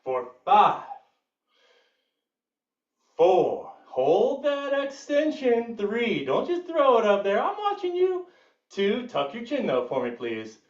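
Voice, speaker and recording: A man leads a live workout class, counting reps and joking with the participants. He talks unhurriedly, and his fairly high voice swings widely, breaking into sudden high whoops. The recording sounds dull and lo-fi. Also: huge pitch swings, slow, distant mic. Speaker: fitness instructor.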